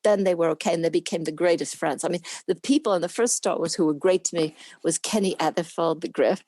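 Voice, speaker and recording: A woman in her seventies from New York, an interview guest who tells stories in a casual, animated way, laughing often and playing out the voices of people she quotes. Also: on the low side, quick pace, no echo. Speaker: guest, former camera assistant.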